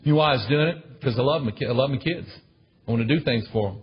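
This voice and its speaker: A man preaching a sermon to a congregation in an emphatic, repetitive way, often calling out for amens, in a husky voice. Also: mid-range voice, fast talker. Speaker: pastor. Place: church with a congregation. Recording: dull lo-fi recording.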